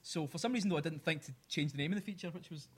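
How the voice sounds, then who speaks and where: A man's voice: a little high, racing, slightly rough. A man co-hosting a podcast live before an audience, running a quiz segment with lots of self-deprecating laughter and filler words. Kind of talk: casual live podcast chat.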